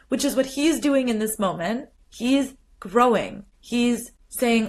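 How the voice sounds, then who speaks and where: A woman's voice: medium pitch, normal speed, hardly any pauses. A woman hosting a podcast, talking casually and animatedly, retelling scenes with quoted lines and frequent "like" fillers. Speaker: podcast host. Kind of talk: casual solo commentary.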